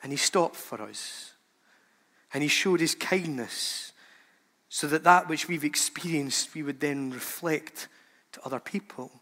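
A man's voice: a little high, a little slow, sharp tone. A man preaching a sermon as a pastor, emphatic and repeating phrases for effect. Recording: long hall reverb.

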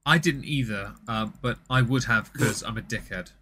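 A man's voice: medium pitch, moderate pace, bright, forceful tone, slight background noise. A man, co-hosting a casual political chat in a blunt, profane, rambling way. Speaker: streamer and co-host.

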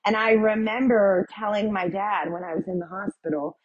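A woman's voice: mid-range voice, normal speed, no room sound, muffled recording. A woman guest telling her personal testimony in a vivid retelling full of "like" and "um". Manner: vivid retelling, with many "like" and "um" fillers.

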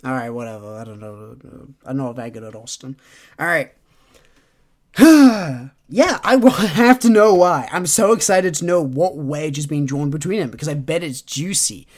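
A man's voice: on the high side, lively intonation, moderate pace. A man co-hosting a podcast in casual book chat, teasing his co-host playfully and laughing often.

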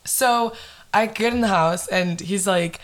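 A young woman in her twenties, a podcast host telling a dating story in casual chat, animated and full of "like". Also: medium pitch, unhurried. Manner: animated, heavy use of "like".

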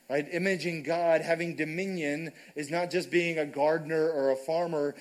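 A man delivers a sermon in a church. His voice sits a little high for a man, and his delivery is loose and conversational, often stopping to check in with the congregation. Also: rough recording. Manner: conversational, frequent "right?" asides. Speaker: preacher. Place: church sanctuary.

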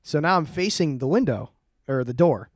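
A young man in casual podcast chat, telling a rambling, animated story and swearing often. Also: a little high, moderate pace, dry recording, clean studio sound. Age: young adult. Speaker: podcast co-host.

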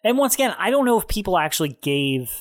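A man co-hosting a podcast in casual chat, relaxed and laughing often as he recaps. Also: high-pitched, fast talker. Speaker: podcast co-host.

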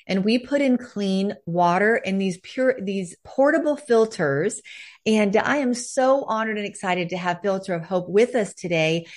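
A woman hosting a faith podcast, introducing a guest in an enthusiastic, effusive way. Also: mid-range voice. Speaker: podcast host.

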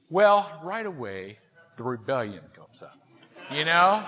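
Animated middle-aged preacher in a reverberant sanctuary. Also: male voice, mid-range voice, normal speed. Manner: animated, self-mocking storytelling. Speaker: pastor. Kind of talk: sermon. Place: large church sanctuary.

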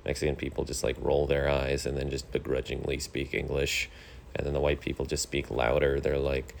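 A thirty-year-old man hosting his own podcast, rambling through a casual monologue in a deadpan, complaining way, with lots of fillers. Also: a bass voice, brisk, gravelly, slight background noise. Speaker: podcast host.

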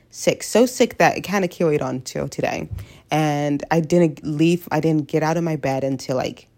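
A woman's voice: low voice, creaky, darkish tone. A woman of twenty with a stuffy head cold, ranting candidly and bluntly to camera, swearing freely as she rambles. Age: 20s. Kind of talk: candid vlog rant.

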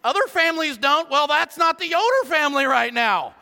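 A man preaching a sermon as pastor, animated and joking with the congregation in a church hall. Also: extremely high pitch, brisk, vocal fry, hardly any pauses. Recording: long church hall reverb.

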